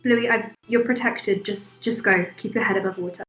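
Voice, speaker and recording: A woman's voice: mid-range voice, steady tone, normal speed, fairly bright tone, low-quality recording. A woman playing a tabletop role-playing game, stating plainly what her character does. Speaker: player. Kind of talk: casual game table talk.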